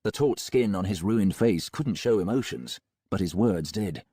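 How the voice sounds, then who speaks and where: A man narrating a first-person audiobook in a grim, measured way. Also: lowish voice, lively intonation, mellow, breathy edge, dry recording, studio quality.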